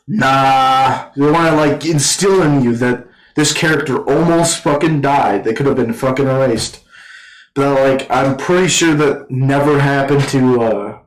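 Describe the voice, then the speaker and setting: A man giving a casual, rambling film review, swearing constantly and filling every pause with "like" and "uh.". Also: medium pitch, echoey room, low-quality recording. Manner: profane, rambling, full of fillers. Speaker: movie reviewer.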